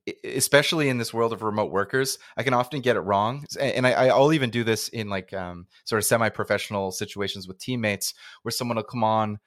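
A man's voice: lowish voice, fast, few pauses, fairly bright tone, dry recording, clean studio sound. A man from Canada hosting a podcast, asking questions in a rambling, self-interrupting way. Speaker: podcast host. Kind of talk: casual interview chat.

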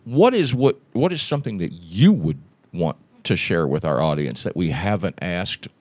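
Podcast co-host guy, low voice that swings all over, laid-back questions. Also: big pitch swings, normal speed, a little mellow, no room sound. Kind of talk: casual podcast interview.

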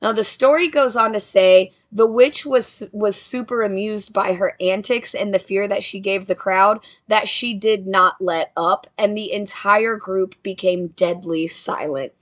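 A young woman tells a ghost story in a relaxed, conversational voice. She drops playful asides to her listeners as she goes, sounding like she is chatting with friends more than reading. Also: mid-range voice, a little slow, few pauses. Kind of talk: casual storytelling narration.

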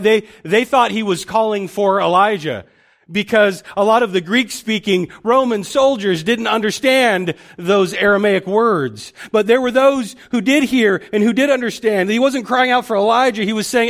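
High-voiced pastor preaching conversationally. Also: male voice, a bit bright. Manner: conversational, with frequent restarts and repeated words. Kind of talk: sermon.

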